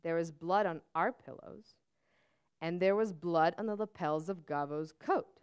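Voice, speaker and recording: A woman's voice: fairly low pitch, measured pace, darkish tone, clear, resonant tone, no echo, studio quality, pitched below the performer's own voice, close to an everyday voice. A woman voicing a nervous, agitated village man who pleads and evades, read aloud from a novel. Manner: pleading, evasive.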